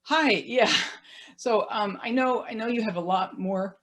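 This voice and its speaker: A middle-aged woman telling a personal story in a lively, self-mocking way, laughing now and then as she talks. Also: mid-range voice, measured pace.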